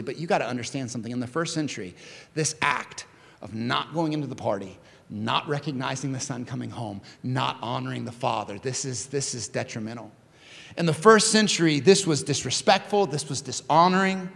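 A man preaching a sermon in a conversational, animated way, often repeating his phrases. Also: a little high, moderate pace, creaky, long reverb tail. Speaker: pastor.

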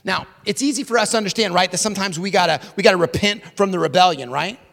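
Man, pastor, high-pitched, gravelly edge, lively casual sermon, swings loud to hushed, echoing hall. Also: fast. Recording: long reverb of a large hall.

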